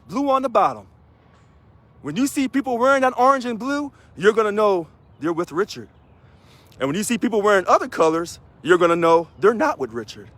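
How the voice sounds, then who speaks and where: A man from Missouri, a union president, giving an energetic video address to union members and emphatically repeating key phrases. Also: high-pitched, no echo.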